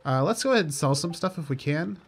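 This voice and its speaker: A man's voice: fairly high pitch, lively intonation, fast, breathy edge. A man casually commenting on his gameplay, upbeat and chatty with dry sarcastic asides. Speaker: let's play host.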